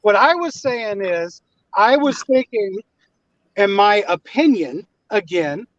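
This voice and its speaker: A man on a livestream panel speaks in a high voice, hesitant and stammering as he tries to calm things down. His line is dry and somewhat muffled. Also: slow, no room sound. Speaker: panel guest. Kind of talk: casual livestream panel talk.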